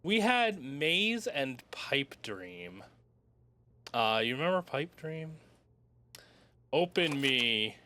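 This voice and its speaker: A man's voice: mid-range voice, big pitch swings, drawn-out words, long pauses, sharp tone, slight background noise. A young man casually commenting as he plays a puzzle video game, rambling, swearing and muttering to himself. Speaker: streamer playing a video game. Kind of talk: casual let's-play commentary. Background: game music.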